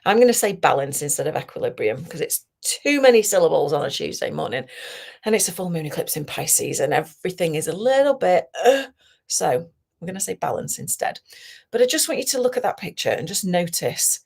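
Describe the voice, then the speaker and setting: Woman, tapping coach, low voice, gravelly edge, slow soothing guidance, soft whispers. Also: sing-song. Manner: slow, soothing, softly guiding with whispered phrases. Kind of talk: guided tapping session.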